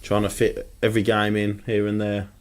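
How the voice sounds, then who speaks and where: A man co-hosting a casual football podcast, talking in an animated, exasperated way. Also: fairly low pitch, moderate pace, a little hiss or hum. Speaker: podcast co-host.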